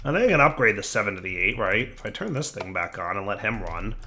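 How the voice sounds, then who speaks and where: A man's voice: fairly low pitch, expressive, quick pace, bright, forceful tone. A man hosting a gameplay series in casual commentary, his voice still slightly sick, chatting to viewers and to his machines. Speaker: let's play host.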